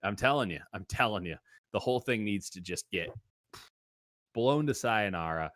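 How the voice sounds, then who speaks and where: A man's voice: lowish voice, animated, moderate pace, a bit bright, dry recording, studio quality. A man hosting a sports betting show, giving his picks in casual talk and riffing with comic exaggeration. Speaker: sports betting podcast host.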